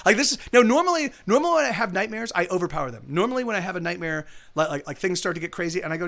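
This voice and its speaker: A man's voice: sits high, racing, few pauses, a bit bright. A man telling a long story in a casual, rambling way, often restarting his sentences and swearing. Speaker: streamer. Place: home streaming setup.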